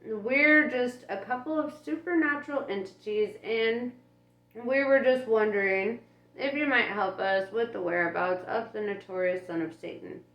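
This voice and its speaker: A woman's voice: on the high side, normal speed, close to an everyday voice. Sarcastic male demon for an audiobook, snappish and sly, read by a woman in a roomy, dull recording. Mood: mocking.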